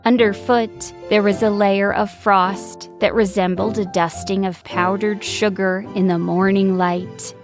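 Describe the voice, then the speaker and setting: A woman narrating a scripted children's story with a gentle, measured reading. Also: mid-range voice, level tone. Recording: faint background music.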